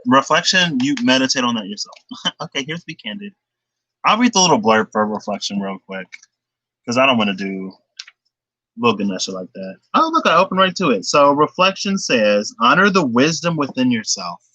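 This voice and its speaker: Chatty young man, bright dry voice. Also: mid-range voice, very animated, moderate pace, no echo, low-quality recording. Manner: rambling, chatty, laughs often, lots of fillers. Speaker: tarot card reader. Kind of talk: casual livestream chat. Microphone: laptop webcam.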